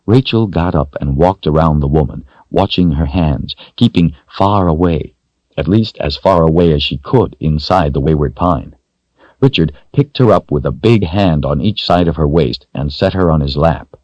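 A man narrating a children's story in a steady, measured storytelling voice. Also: rumbling low, no room sound. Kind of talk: audiobook narration. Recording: dull dry lo-fi recording.

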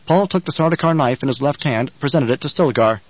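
A man reading an audiobook in measured, even scripted narration, on a dull lo-fi recording. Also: medium pitch, no room sound.

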